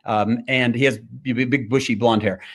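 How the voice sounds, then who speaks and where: A man's voice: medium pitch, steady tone, normal speed, a bit bright. A man giving a devotional fireside talk, telling a story with animation and frequent fillers and restarts. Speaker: speaker.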